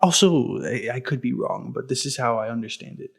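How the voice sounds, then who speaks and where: A man's voice: medium pitch, fairly quick, slightly rough. A young man co-hosting a podcast, explaining in a blunt, profane, casual way while hedging often. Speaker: podcast co-host. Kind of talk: casual chat.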